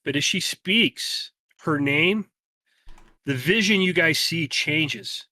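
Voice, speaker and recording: A man narrating a tabletop game as game master, telling the scene slowly and dramatically. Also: on the high side, animated, pushed and bright, no room sound, clean studio sound. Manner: slow, dramatic storytelling.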